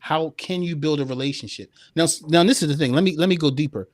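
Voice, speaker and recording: A man co-hosting a live talk about relationships, asking questions in an animated way with frequent restarts. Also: a little high, quick pace, no echo, clean studio sound. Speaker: co-host.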